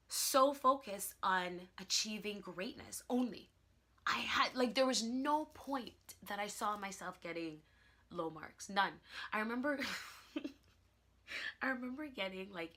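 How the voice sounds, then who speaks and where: Animated bright-voiced woman vlogger. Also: medium pitch. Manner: animated, laughing, emphatic storytelling. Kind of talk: casual vlog monologue.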